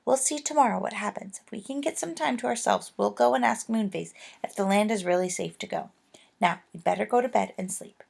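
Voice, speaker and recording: A woman's voice: medium pitch, a little fast, creaky, a little mellow, slightly rough. A woman voicing a cautious, earnest young boy in a children's storybook reading. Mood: firm. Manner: firm and earnest.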